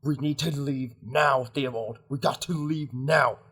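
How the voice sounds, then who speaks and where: A man voicing a male prisoner who urges a friend to flee, hushed, frantic and pleading, with a husky voice. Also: medium pitch, steady tone, unhurried. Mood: urgent. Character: urgent male fellow prisoner.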